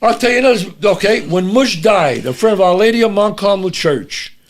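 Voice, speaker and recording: Animated older man with a New York accent. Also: sits high, brisk. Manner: animated, swearing, acts out characters' lines. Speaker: guest. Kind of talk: casual storytelling chat.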